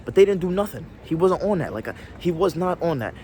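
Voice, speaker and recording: A man's voice: fairly high pitch, expressive, fast talker, mellow, slight background noise. A man telling a casual story to camera, slangy and rambling, often restarting his sentences. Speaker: vlogger.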